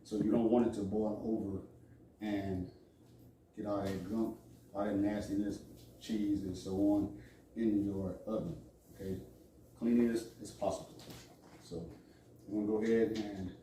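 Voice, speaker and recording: Middle-aged guy showing how he cooks, chatty and jokey, kinda low mellow voice, sounds far off in a really echoey kitchen. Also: fairly even intonation, measured pace, long pauses, slight background noise. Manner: chatty, joking asides to viewers. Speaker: cooking show host. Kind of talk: casual cooking demonstration.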